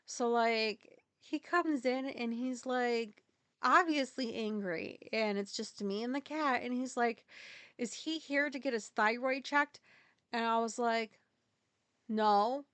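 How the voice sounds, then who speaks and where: A woman's voice: fairly high pitch, fairly bright tone, clear, resonant tone, no echo. A woman telling a personal story in a casual, rambling, candid way, swearing freely and using many fillers. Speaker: podcast host.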